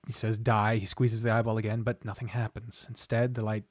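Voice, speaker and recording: Hushed dramatic game master narration. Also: mid-range voice, little pitch movement, a little fast, no room sound. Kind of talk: narrating a tabletop game on a live stream.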